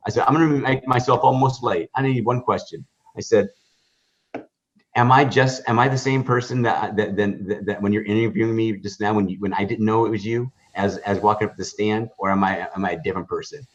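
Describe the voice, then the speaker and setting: A man's voice: lowish voice, fairly even intonation, a little fast, slight background noise. A man telling a story in a podcast interview, rambling through fillers and restarts and acting out the dialogue. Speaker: guest, hot dog stand owner. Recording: dull lo-fi podcast audio.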